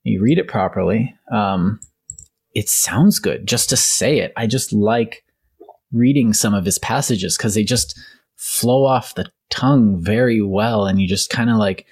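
A man's voice: fairly low pitch, expressive, normal speed, creaky, breathy edge. A man co-hosting a casual discussion podcast, rambling enthusiastically and often correcting himself. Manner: rambling, self-correcting, enthusiastic about literature. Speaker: podcast co-host.

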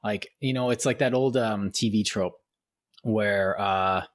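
A Canadian man in casual chat, telling animated stories, acting out quoted voices and laughing often. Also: fairly low pitch, unhurried, no room sound, clean studio sound.

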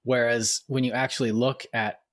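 A Canadian man in casual chat, telling animated stories, acting out quoted voices and laughing often. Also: medium pitch, normal speed, dry recording, studio quality.

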